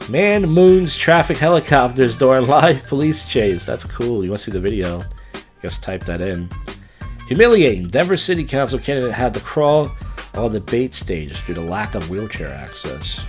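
A man's voice: mid-range voice, expressive, normal speed, soft background music. A man hosting a casual podcast, reading odd headlines and tossing in crude, offhand remarks, often stumbling and restarting as he reads. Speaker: podcast host.

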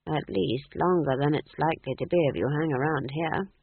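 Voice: mid-range voice, gravelly, breathy edge, dry recording, phone-quality sound. A narrator voicing a stern, unflappable old witch who speaks levelly and dryly, in an audiobook. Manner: level, dry, unhurried.

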